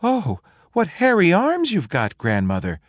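A man voicing a sweet, innocent little girl in a high, chirpy voice. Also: huge pitch swings, a little slow, no room sound, studio quality, full character voice.

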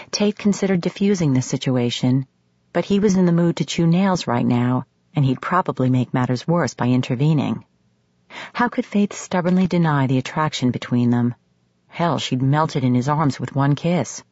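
Audiobook narrator: woman, low husky voice, measured sultry romance reading, dry and slightly dull audio. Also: darkish tone, no echo. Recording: slightly muffled studio audio.

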